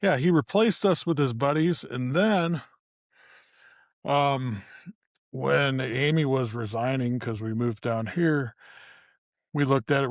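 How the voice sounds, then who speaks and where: A middle-aged man, co-hosting a podcast and ranting about local politics in a profane, animated way. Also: normal speed, dry recording, studio quality. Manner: profane, animated storytelling with sudden pitch jumps. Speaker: podcast co-host. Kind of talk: casual ranting chat. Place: studio.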